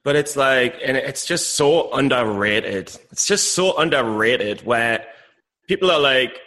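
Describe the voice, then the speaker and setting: A man's voice: mid-range voice, lively intonation, measured pace, bright, forceful tone. A man co-hosting a podcast, chatting casually about trading in a rambling, jokey way and often repeating himself. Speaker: podcast co-host.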